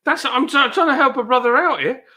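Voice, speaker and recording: A man with a British accent chatting excitedly on a live stream, exclaiming and laughing often. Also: very high voice, a little fast. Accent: British English. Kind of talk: casual live stream chat.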